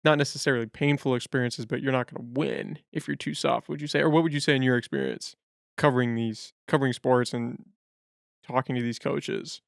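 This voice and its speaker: A man's voice: medium pitch, fairly even intonation, brisk, creaky, dry recording, clean studio sound. A man hosting a podcast, asking long searching questions and thinking aloud in a conversational interview. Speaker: podcast host.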